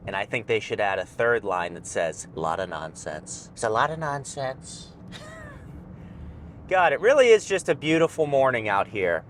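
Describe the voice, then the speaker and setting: A man's voice: a little high, fairly bright tone, a little hiss or hum. A young man rambling and joking through a casual driving vlog from inside his car. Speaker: vlogger.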